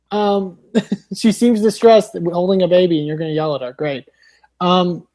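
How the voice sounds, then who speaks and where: Man, podcast co-host, casual chat, sarcastic, profane, mellow dark tone. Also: fairly high pitch.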